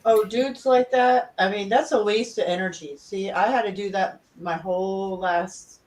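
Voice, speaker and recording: A woman's voice: medium pitch, fairly even intonation, measured pace, very noisy. Woman chiming in, outraged and emphatic, sounds kinda far from the mic. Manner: emphatic, indignant. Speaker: participant in a group chat. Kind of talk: casual chat. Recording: distant from the mic.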